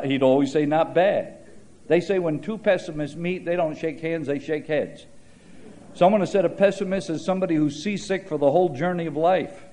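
In a voice a little higher than usual, a male preacher gives a sermon that weaves scripture together with folksy anecdotes and dry humor. To stress points he varies his pace and loudness, slowing down and swelling in volume.

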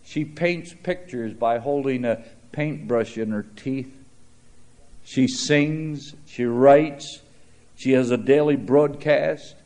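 A man's voice: medium pitch, slow pace, a little mellow. An older man preaching a sermon, telling stories in a conversational way with frequent "uh" fillers. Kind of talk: sermon with storytelling.

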